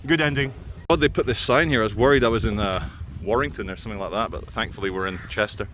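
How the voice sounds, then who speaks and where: A man's voice: on the low side, quick pace, fairly bright tone, a little hiss or hum. A middle-aged man vlogging as he walks outdoors through city streets, giving a sarcastic running commentary into a handheld camera. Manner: wry, sarcastic running remarks. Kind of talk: walking commentary.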